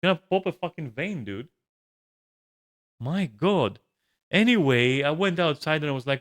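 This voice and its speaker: A man's voice: on the high side, lively intonation, normal speed, pauses often, fairly bright tone. A man streaming from a room at home, ranting casually with lots of swearing, restarts and filler words. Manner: swears a lot, frequent restarts and filler likes. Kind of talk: casual rambling rant.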